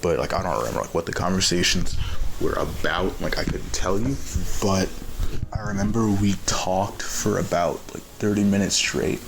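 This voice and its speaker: A man's voice: sits low, moderate pace, creaky, background noise. A young man telling a casual story-time tale, rambling and profane with lots of fillers and restarts. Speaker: vlogger.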